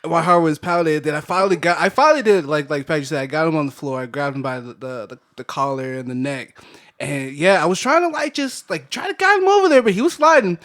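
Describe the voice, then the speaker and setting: Guy, kinda high voice, rambly and excitable, does squeaky voices for family. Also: quick pace. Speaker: podcast co-host. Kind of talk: casual chat, storytelling.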